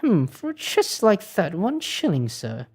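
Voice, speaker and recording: A woman's voice: lowish voice, wildly swooping pitch, unhurried, a little mellow, slightly rough, faint music behind, heavily acted. A woman voicing a formal Victorian male pawnbroker in a game, stiff and haggling.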